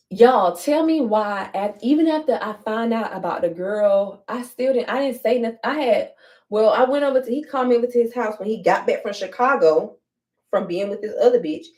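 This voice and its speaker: A young adult woman tells an animated, profane storytime while she gets ready. Her voice sits on the higher side, and she is blunt and unfiltered. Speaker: vlogger. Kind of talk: casual storytime while doing hair.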